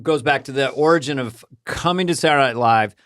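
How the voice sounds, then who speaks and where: A man's voice: medium pitch, fairly quick, a bit bright, no echo, studio quality. A man hosting a live podcast in casual chat, laughing along and steering the conversation. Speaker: podcast host. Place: theater stage.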